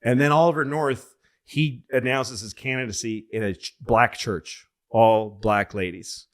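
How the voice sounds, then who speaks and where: A man hosting a podcast, casually telling a long story and acting out the people he quotes in excited, higher voices. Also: unhurried. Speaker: podcast host.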